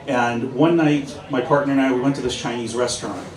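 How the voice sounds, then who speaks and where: A man's voice: mid-range voice, steady tone, brisk. Man telling stories in an echoey pub. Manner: humorous, anecdotal, acts out dialogue. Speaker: former police officer sharing stories. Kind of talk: live storytelling talk to an audience. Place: indoors at a busy pub event. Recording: echoey pub from far off with crowd.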